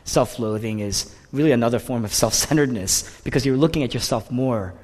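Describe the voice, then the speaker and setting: A man preaching a sermon with passion, rising to loud cries and dropping to hushed whispers. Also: medium pitch, a little fast, long reverb tail. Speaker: pastor.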